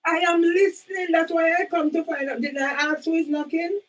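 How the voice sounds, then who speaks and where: A woman with a very high voice argues with a neighbour on her doorstep. She keeps asking questions and says the same words over and over. Her voice sounds distant, as if she is standing back from the recorder. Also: steady tone, fairly quick. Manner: questioning, repeats herself, asks for things to be repeated. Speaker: channel owner.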